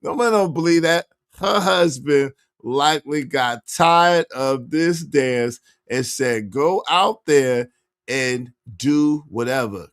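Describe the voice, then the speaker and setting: A man's voice: mid-range voice, no echo, clean studio sound. A man hosting a live stream, giving preachy, mocking reaction commentary as he talks back to a clip.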